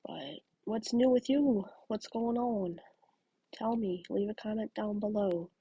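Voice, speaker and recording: Woman, chatty crafting vlogger, mellow husky voice, dry close sound. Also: mid-range voice, a little slow, dry recording, muffled recording. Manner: chatty, rambling storyteller, drops to soft asides. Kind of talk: casual chat while crocheting. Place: home craft room.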